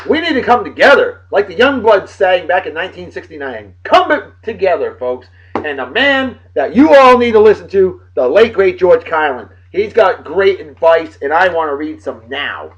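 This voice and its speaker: A man hosting a casual vlog, giving loud shout-outs and stretching out names for emphasis. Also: high-pitched, sing-song, moderate pace. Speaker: vlog host. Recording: dull lo-fi sound.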